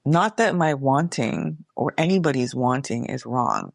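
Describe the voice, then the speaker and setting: A woman's voice: a bass voice, huge pitch swings, moderate pace, gravelly, few pauses, no echo, clean studio sound. A middle-aged woman hosting her own podcast, talking candidly and casually, swearing freely and calling her listeners y'all. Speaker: podcast host. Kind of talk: casual reflective monologue.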